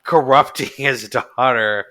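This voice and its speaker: A man co-hosting a podcast, thinking aloud in a casual, halting way. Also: mid-range voice, sharp tone. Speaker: podcast co-host. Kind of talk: casual chat.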